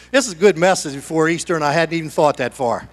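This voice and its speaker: A high-voiced pastor in middle age preaches quickly inside his church. Hushed asides give way to loud, excited shouting as he urges the congregation on.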